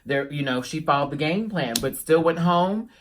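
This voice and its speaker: Sassy, animated man reviewing a show. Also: on the high side, normal speed, a little hiss or hum. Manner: animated and sassy, with playful asides. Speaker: YouTube reviewer. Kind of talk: casual reaction review.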